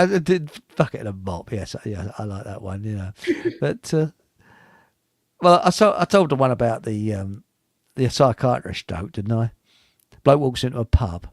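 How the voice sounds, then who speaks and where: A man's voice: mid-range voice, gravelly, no echo, clean studio sound. A man hosting a radio talk show, chatting casually and telling rambling pub jokes with chuckles and stumbles. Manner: chuckling, rambling joke-teller who stumbles over lines.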